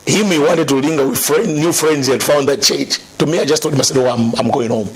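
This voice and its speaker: A middle-aged man telling his conversion story as a guest, animated and laughing now and then. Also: medium pitch, quick pace, husky. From Zambia. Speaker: guest sharing testimony.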